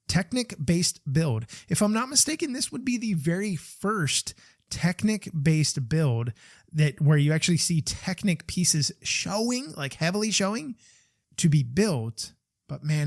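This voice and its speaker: A man's voice: a little high, no room sound, studio quality. A man hosting a podcast, chatting casually and giving candid opinions, with frequent fillers and restarts. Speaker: podcast host.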